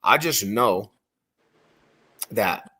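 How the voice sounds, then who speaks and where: A man's voice: on the low side, lively intonation, drawn-out words, pushed and bright. A man from Denver telling street stories in a casual podcast chat, slangy and rambling, full of "bro" and "homie". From Denver, Colorado.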